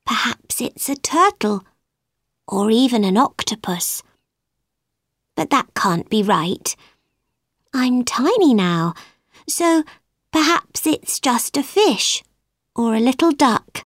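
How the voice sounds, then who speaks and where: A woman playing a polite, curious little girl in a storybook who chatters away and keeps apologising. Her voice rides high and lively, and the sound is close and dry. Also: slow, long pauses, dry recording, full character voice. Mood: musing. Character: polite, curious young girl, shrunk tiny. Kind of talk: storybook reading.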